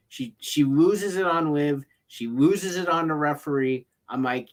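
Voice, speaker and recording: A man's voice: a little high, measured pace, few pauses. A man co-hosting a casual chat show, mostly agreeing and chiming in with short remarks before explaining his view. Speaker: co-host.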